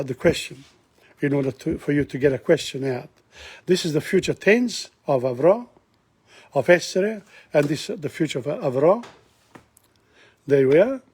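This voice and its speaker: A man's voice: fairly high pitch, a little mellow, slightly rough. An older man from Italy with an Italian accent, teaching a language lesson in a chatty, digressive way and reciting verb tables. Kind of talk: casual recorded lesson.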